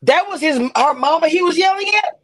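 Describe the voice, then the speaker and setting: A woman hosting a heated reaction chat, excitable and quick to cut in. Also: high voice, a loud crowd. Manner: excitable, interrupts, cries hold on and wait. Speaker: show host.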